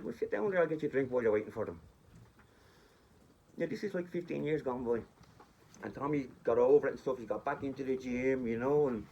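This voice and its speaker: Guy rambling through a story to his viewers, bit dull phone sound, faint hiss. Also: mid-range voice. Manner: rambling, chatty, addresses listeners directly. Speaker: vlogger. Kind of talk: casual storytelling.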